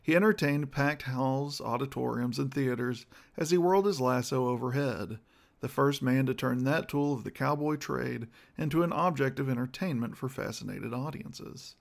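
A man delivering a scripted history lecture in a measured, rhetorical way, posing questions to his listeners. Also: medium pitch, vocal fry. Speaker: speaker giving a history talk.

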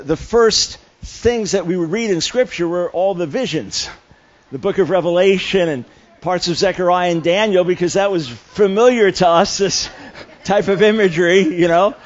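A man's voice: high voice, muffled recording. A man preaching a sermon, telling a story with humor and frequent restarts. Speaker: guest preacher. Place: church camp meeting hall.

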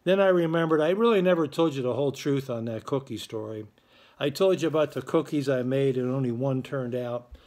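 A man's voice: mid-range voice, fairly quick, a little mellow. A man hosting a school morning show, giving casual announcements in a chatty, joking way. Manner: chatty, playful, joking with listeners.

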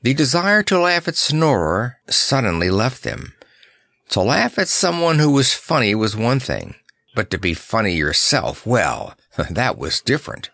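Male audiobook narrator, slow and lively in pitch, dry close sound. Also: gravelly, dry recording. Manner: measured, expressive storytelling. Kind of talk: scripted narration.

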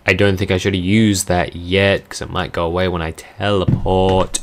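A man giving casual, foul-mouthed commentary while playing a video game, with loud outbursts at it. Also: low-pitched, little pitch movement, moderate pace, few pauses, slight background noise.

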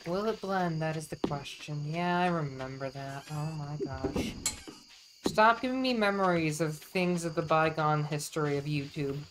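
A low-pitched woman talks her way through a farming game on stream, casual and a little foul-mouthed. She sounds down and out of sorts, and a steady hiss of noise runs under her voice. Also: moderate pace. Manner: chatty, swears casually, talks to chat. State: low, upset mood. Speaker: vtuber streamer. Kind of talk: casual gameplay chat.

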